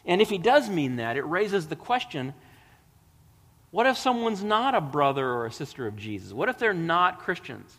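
High-voiced male pastor in a reverberant hall. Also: big pitch swings, normal speed, fairly bright tone. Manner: dramatic scripture reading with emphatic, rising delivery. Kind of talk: sermon.

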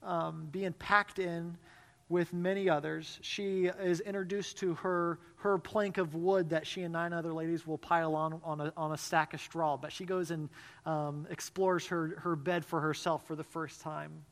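A woman preaching a sermon, talking slowly and hesitantly with fillers, then reading a story aloud. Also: fairly low pitch, level tone. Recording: long hall reverb.

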